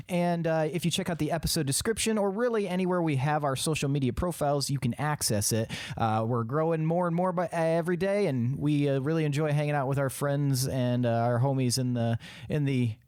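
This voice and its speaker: A man signs off his tabletop game podcast in a loose, filler-heavy ramble. He has a slightly higher pitch, and he is recorded dry and close with no room sound. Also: brisk, a little mellow, no room sound. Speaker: host and dungeon master. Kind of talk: podcast outro and casual banter.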